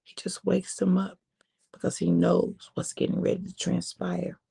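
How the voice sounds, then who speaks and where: A woman preacher telling a sermon story in a conversational way, with drawn-out phrasing and quiet emphasis. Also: fairly low pitch, monotone, vocal fry, breathy edge.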